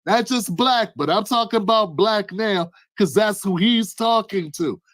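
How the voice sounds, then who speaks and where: A man hosting his own channel gives fervent political commentary, repeating rhetorical questions and addressing a listener by name. His voice sits high with a fairly bright tone, and he speaks a little slowly.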